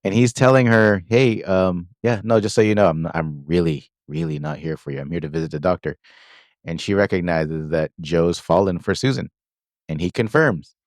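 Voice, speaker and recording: A man's voice: low-pitched, moderate pace, no echo, studio quality. A man co-hosting a podcast, casually retelling a movie's plot with lots of fillers and quoted lines. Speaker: podcast co-host recapping a film. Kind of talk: casual chat.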